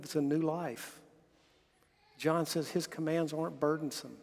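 A man's voice: on the high side, fairly even intonation, a little slow, vocal fry, darkish tone, long reverb tail. A man delivering a sermon as pastor, earnestly preaching, telling stories and reading scripture aloud.

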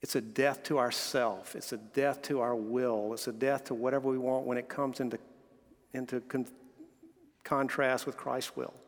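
A man preaching a sermon in a church sanctuary, his voice carrying a long hall reverb. He speaks earnestly at a middle pitch, weaving stories and scripture readings into his message. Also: little pitch movement, moderate pace. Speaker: pastor.

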